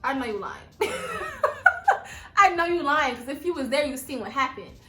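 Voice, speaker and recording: Brief: woman, twenties, New York, story-time vlogger, animated and slangy, slightly high voice, echoey room. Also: fast talker, faint music behind. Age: 20s.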